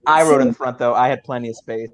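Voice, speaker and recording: A young man from the improv scene races through a comic story on a video call, his voice at a medium pitch. The telling is excitable and wandering, full of stammered false starts.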